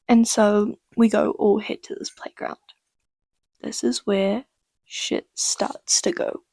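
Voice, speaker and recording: Chatty young woman with vocal fry. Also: medium pitch, level tone, slow pace, warm tone, no room sound, studio quality. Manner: rambling and chatty, heavy use of "like", swears freely. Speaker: vlogger. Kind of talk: casual storytime.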